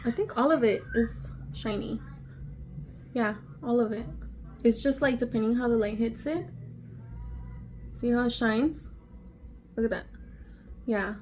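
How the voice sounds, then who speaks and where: A woman's voice: on the high side, unhurried, pauses often, slight background noise. Gushing, gasping woman vlogger. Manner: excitable, gasping, gushing exclamations; drops to breathy whispers. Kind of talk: casual unboxing vlog.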